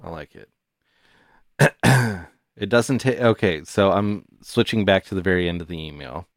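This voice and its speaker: A young man co-hosting a comedy podcast, talking in a casual, deadpan, drawn-out way. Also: low-pitched, no echo, clean studio sound. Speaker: podcast co-host.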